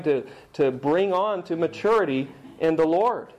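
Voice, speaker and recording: A middle-aged man delivers a sermon as a pastor, his voice sitting a little high for a man. He speaks emphatically and slows down whenever he reads scripture aloud. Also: sing-song, poor audio.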